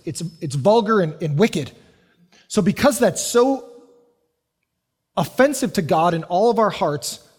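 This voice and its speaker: A middle-aged male pastor from the United States preaching a sermon, telling family stories and acting out the voices in them. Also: sits high. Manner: storytelling, acting out family scenes. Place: church hall. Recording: long hall reverb.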